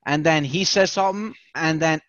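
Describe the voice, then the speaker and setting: A man's voice: a little high, normal speed, no room sound, highs cut off. A man telling a long profane story in casual chat, acting out the voices of the people in it. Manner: animated, profane, acts out quoted voices. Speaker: podcast guest telling a story.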